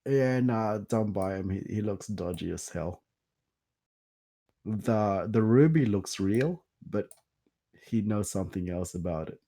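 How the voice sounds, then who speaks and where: Slow, low-voiced game master. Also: male voice. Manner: relaxed, hesitant narration with fillers. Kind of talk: narrating a tabletop game.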